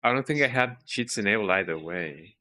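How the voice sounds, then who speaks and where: A man streaming a video game live, talking to himself in a worried, halting way and yawning now and then. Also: lowish voice, expressive, sharp tone, a little hiss or hum. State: sleepy, yawning. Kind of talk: casual live gameplay commentary.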